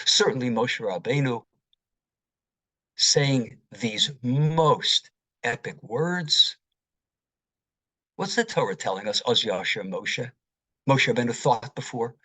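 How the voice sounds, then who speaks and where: Slow, husky-voiced rabbi preaching. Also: male voice, a little high, a bit bright, no room sound, rough recording. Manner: slow, deliberate teaching with rhetorical questions. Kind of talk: sermon.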